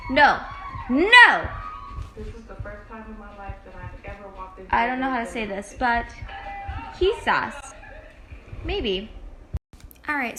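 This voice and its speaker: A young adult woman giving a playful, tipsy comedic language lesson on her vlog, swearing and breaking into sudden loud outbursts. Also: a little high, a little hiss or hum. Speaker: vlogger.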